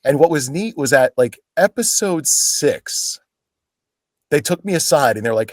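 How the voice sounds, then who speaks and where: A man's voice: a little high, lively intonation, unhurried, dry recording, clean studio sound. A man from Pennsylvania, an actor as a guest, telling stories in a casual interview and acting out quoted lines in voices.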